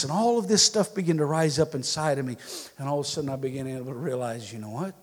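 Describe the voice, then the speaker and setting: A man preaching a sermon, dropping to hushed prayer and rising to loud, emphatic storytelling. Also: a little high, fast, husky, in a large hall. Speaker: pastor.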